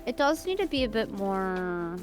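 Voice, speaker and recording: A woman streamer chatting casually on a live stream, telling stories in a giggly, animated way. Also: medium pitch, moderate pace, over music.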